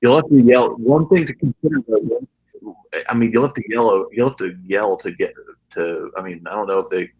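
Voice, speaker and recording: A man's voice: lowish voice, lively intonation, normal speed, vocal fry, a little mellow, husky, highs cut off. A man playing a tabletop game, thinking his plans through aloud with some hesitation. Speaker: player. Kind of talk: casual tabletop game play.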